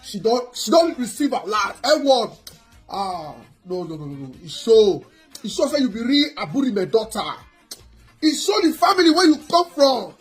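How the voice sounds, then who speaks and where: An excitable Nigerian woman comments on the latest news in casual, lively chat. Her voice sits a touch high. Soft music runs faintly underneath. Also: moderate pace. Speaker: gossip channel host.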